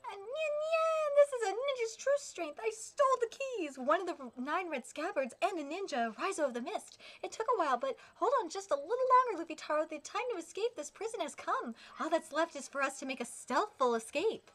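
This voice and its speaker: Brief: sly, boastful ninja man, voiced by a woman, high and lively. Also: a little fast, hardly any pauses. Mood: smug.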